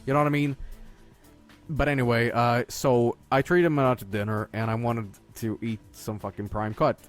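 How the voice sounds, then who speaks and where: A male streamer telling a long story in a profane, rambling rant full of restarts, getting loud and shrill when he is worked up. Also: fairly even intonation, normal speed, faint music behind. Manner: gets loud and high-pitched when worked up. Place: home streaming setup.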